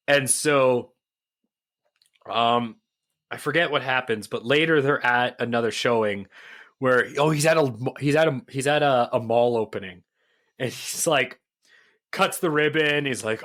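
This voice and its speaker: A man chatting on a podcast with a bright, forceful voice. He rambles through a story, excitable and full of fillers. Casual, loose delivery. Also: medium pitch, normal speed. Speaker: podcast co-host. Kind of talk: casual chat.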